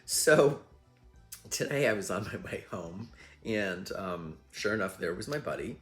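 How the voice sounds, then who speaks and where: A man's voice: lowish voice, lively intonation, a little slow, fairly bright tone, soft background music. A man hosting his own show, telling rambling, self-deprecating stories in a chatty way with lots of fillers. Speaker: host. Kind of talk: casual storytelling monologue.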